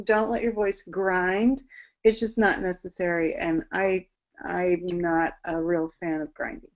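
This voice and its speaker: A woman's voice: mid-range voice, low-quality recording. A woman voice teacher explaining singing technique in an online presentation, speaking through a video call. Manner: explanatory, with sung and spoken demonstrations.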